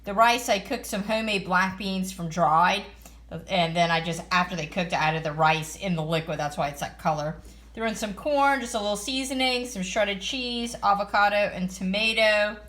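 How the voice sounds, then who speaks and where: A woman's voice: medium pitch, normal speed, a bit bright. A woman casually talking through the family meals she cooked for a home vlog, easygoing and full of little fillers. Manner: chatty, easygoing, lots of fillers. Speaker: family vlogger. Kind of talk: casual cooking vlog chat. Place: home, partly outdoors.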